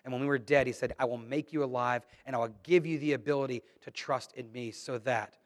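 Middle-aged guy preaching in church, mid pitch, emphatic, echoey hall sound. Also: fairly even intonation, a little fast. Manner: emphatic, conversational preaching with scripture reading. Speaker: pastor. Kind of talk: sermon. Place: church sanctuary.

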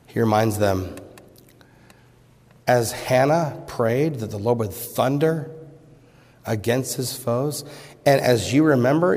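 Guy preaching a sermon, mid pitch, big loud questions then soft pleading, long hall reverb. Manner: emphatic, swinging from loud rhetorical questions to hushed pleas. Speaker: pastor.

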